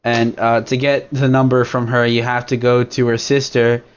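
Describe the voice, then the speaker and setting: A young man talks loosely as a podcast host, crude and rambling, stacking fillers and restarting his sentences. His pitch sits in an ordinary middle range for a man. The recording sounds dull and lo-fi. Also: flat delivery, moderate pace, smooth. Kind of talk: casual rambling chat.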